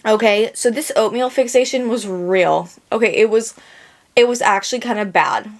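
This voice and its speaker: A young woman hosts a casual solo podcast, her voice sitting a touch high. She rambles and laughs at herself, trailing off into fillers and restarts. She sounds a little under the weather. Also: moderate pace. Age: young adult. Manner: rambling, self-mocking, lots of fillers. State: sick. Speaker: podcast host.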